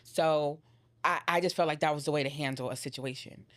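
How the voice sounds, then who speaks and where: A woman's voice: deep voice, steady tone, a little fast. A young woman, a podcast guest, candidly retelling a painful personal story, with lots of filler "like"s. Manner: candid, emotional retelling with many filler likes.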